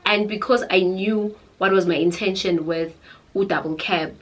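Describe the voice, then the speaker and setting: A young woman with a South African accent, telling a storytime tale in a dramatic, animated way. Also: mid-range voice, normal speed, rough recording. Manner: animated, dramatic, code-switching into Zulu. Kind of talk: casual storytime chat.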